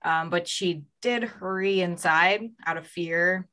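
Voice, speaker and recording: Bright-voiced woman narrating a story. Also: fairly low pitch, slow. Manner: reads out a story with fillers, voicing quoted lines. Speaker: podcast host telling a true crime story.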